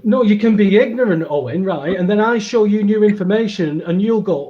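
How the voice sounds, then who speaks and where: Blunt, sweary man, high voice. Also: lively intonation, brisk, hardly any pauses, warm tone. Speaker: co-host. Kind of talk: casual round-table chat. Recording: slightly dull lo-fi sound.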